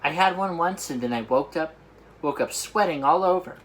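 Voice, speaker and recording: A man voicing a curious, brave little girl who asks high, eager questions. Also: normal speed, fairly bright tone, slight background noise, lightly acted.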